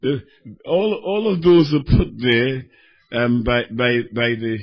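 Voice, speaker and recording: Husky male preacher, shouting then quiet. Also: mid-range voice, lively intonation, slow. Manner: impassioned, swings between shouting and quiet teaching. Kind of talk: sermon. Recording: dull lo-fi recording.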